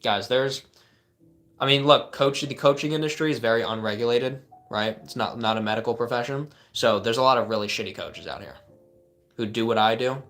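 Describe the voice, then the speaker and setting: A man's voice: medium pitch, fairly quick, a bit bright, soft background music. A man working as a life coach, talking casually and earnestly on a live advice stream as he answers chat questions, often saying "like" and restarting his sentences.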